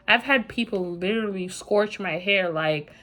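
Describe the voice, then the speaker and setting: A woman's voice: medium pitch, moderate pace, a bit bright. A young woman vlogger telling a personal story, candid and emphatic, in a casual storytime vlog.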